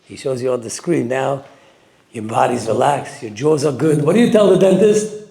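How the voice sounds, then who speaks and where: A man giving a sermon as a rabbi, telling the story with lively acted-out quotes and Hebrew terms. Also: mid-range voice, normal speed, creaky, slight background noise. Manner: animated storytelling, acting out quoted voices; sprinkles Hebrew and Yiddish terms. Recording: echoey room.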